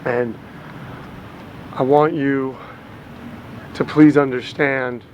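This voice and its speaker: He speaks very slowly in a steady, mid-range voice with a slightly mellow quality, pleading with his ex. The actor is the lead of a short comedy film, playing a dumped young man rambling in an outdoor video message near traffic, and the low-quality recording picks up passing vehicles.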